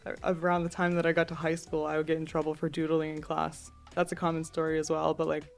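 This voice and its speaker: As a podcast guest, a young woman who is an artist tells stories in a low, gravelly voice with flat, even intonation. She talks fast and chattily over faint background music, keeping things relaxed and slipping in "like" again and again.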